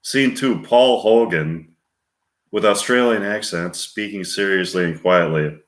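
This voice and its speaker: A man casually reading voice-acting practice scenes, musing offhand between them and trailing off quietly. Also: on the low side, unhurried. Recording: roomy echo.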